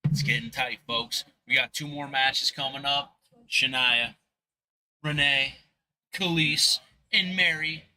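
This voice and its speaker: Casting: upbeat male pool commentator, slightly high, very bright, rambling and animated. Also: takes it slowly, pauses often, no room sound. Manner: animated, rambling, motivational ranting. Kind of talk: live stream commentary. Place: sports bar. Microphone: booth microphone.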